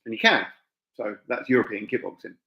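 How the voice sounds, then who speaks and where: A man's voice: fairly low pitch, animated, brisk, creaky, bright, forceful tone. A middle-aged English man, a fight promoter, chatting informally to viewers on a live stream, full of asides and fillers. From England. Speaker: fight promoter and gym owner. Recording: echoey dull room sound.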